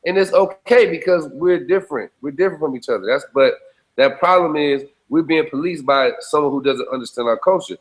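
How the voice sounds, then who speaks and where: A man's voice: on the high side, a little fast, low-quality recording. A man speaking bluntly and emphatically in casual conversation, swearing freely and often checking that his listener follows him. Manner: blunt, profane, emphatic street talk; repeats checking phrases to the listener.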